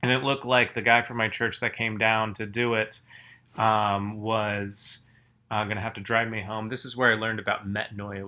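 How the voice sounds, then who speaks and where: A man's voice: on the low side, pushed and bright. A man chatting casually as a podcast co-host, rambling through stories and often stopping to restart his sentences. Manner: rambling, self-interrupting storyteller. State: groggy after a nap. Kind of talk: casual chat.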